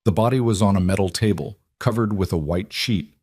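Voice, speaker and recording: Male narrator, scripted story, calm, even, low voice, dry close sound. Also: brisk, no echo.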